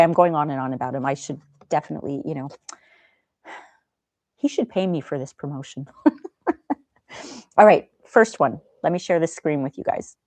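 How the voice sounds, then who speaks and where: A middle-aged woman hosting a casual live stream, chatting gently and reading viewer comments aloud. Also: sits low, no room sound.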